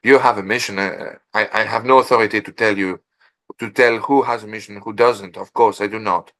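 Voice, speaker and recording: A man appearing as an interview guest, speaking in a formal, deliberate and complimentary way. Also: fairly low pitch, steady tone, bright, forceful tone. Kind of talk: interview conversation.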